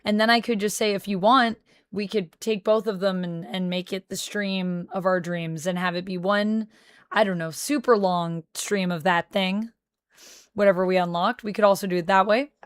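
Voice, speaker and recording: A young woman streaming from home, chatting casually with her viewers and thinking out loud into a close mic. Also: medium pitch, steady tone, moderate pace, clean tone, no room sound. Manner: chatty, talks to chat, thinks aloud. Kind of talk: casual livestream chat.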